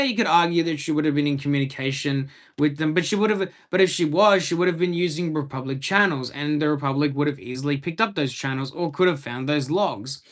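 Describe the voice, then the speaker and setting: A man's voice: a little high, a bit bright. A young man with an Australian accent chatting casually on a live stream from a room at home, rambling in enthusiastic fan commentary.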